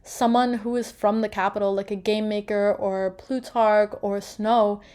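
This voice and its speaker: A young woman talking casually about a book she read, animated and full of filler words. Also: medium pitch, a little slow. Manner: animated, gushing, many filler "like"s. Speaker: book reviewer. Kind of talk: casual book review chat.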